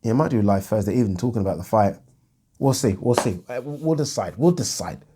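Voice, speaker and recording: A man's voice: on the low side, lively intonation, fast talker, background noise. A man hosting his own boxing channel, chatting bluntly about the news and thinking aloud with plenty of ums. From United Kingdom. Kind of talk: casual solo commentary on boxing news.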